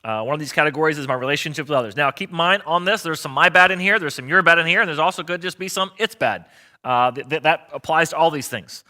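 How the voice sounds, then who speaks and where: Bright-voiced man preaching earnestly. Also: fairly high pitch, fast. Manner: conversational, earnest preaching with fillers and repeated words. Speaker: pastor. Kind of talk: sermon.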